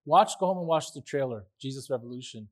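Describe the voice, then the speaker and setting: Pastor, male, mid-pitched, delivering a casual, enthusiastic sermon with frequent asides. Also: expressive, fast. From Canada. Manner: chatty, enthusiastic, with restarts and asides. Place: church.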